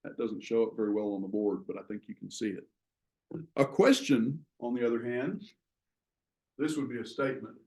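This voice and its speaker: A man teaching a class on writing, explaining ideas in a measured way with frequent pauses. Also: mid-range voice, a little mellow. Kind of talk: classroom lecture.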